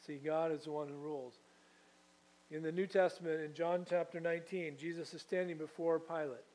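A man's voice: a little high, steady tone, brisk, a little mellow, rough recording. A man preaching a sermon as pastor, earnest, asking his listeners direct questions.

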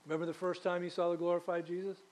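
Male pastor, sermon delivery, chatty with rhetorical questions, slightly high voice. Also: little pitch movement, very fast, a little mellow. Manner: conversational preaching with rhetorical questions and asides.

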